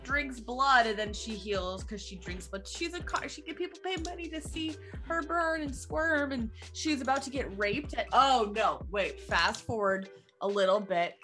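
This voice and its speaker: Woman, bright voice, rambling casual recap, animated, sound effects, faint music underneath. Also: fairly high pitch, normal speed. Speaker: podcast co-host recapping a movie. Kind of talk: casual chat.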